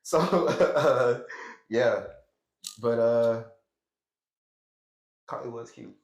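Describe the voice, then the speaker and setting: A man's voice: medium pitch, very slow. An American man hosting a podcast, telling a long story in a rambling, slangy way and laughing often. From United States. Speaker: podcast host. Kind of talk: casual storytelling. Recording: echoey room.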